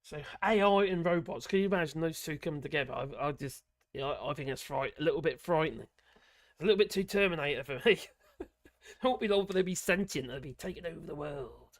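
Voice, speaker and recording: A man's voice: fairly high pitch, dry recording, clean studio sound. A man hosting a live politics stream, rambling and blunt, swearing freely and chuckling as he talks. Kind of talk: casual live-stream commentary.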